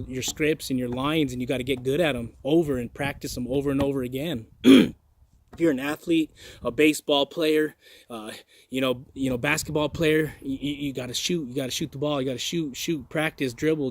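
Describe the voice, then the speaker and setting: Guy doing a pep talk vlog, rambly, keeps restarting, folksy and earnest, middle pitch. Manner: rambling, many restarts and repeated words. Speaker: motivational vlogger. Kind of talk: casual motivational monologue.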